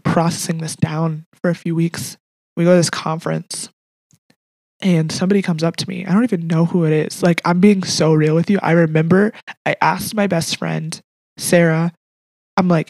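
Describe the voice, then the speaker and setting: A woman's voice: on the low side, darkish tone, no echo. A young adult woman hosting a podcast, telling an emotional personal faith story in an earnest, heartfelt way. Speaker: podcast host. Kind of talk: personal testimony.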